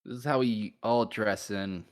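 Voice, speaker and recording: A man voicing a laid-back punk biker demon father who talks loudly and shrugs things off. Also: fairly even intonation, unhurried, close to an everyday voice. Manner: booming, then casually dismissive.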